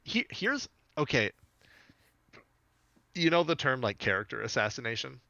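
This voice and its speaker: A man's voice: medium pitch, big pitch swings, gravelly, pushed and bright, no room sound, dull audio. A man co-hosting a podcast in casual chat, talking loosely with lots of fillers and jokes. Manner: chatty, filler-heavy, quick to joke. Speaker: podcast co-host.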